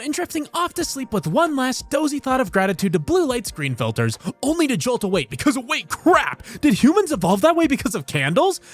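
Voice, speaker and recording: A man voice actor reading funny posts aloud in an animated, expressive comedic narration. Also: very high-pitched. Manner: animated, expressive, swings between many voices.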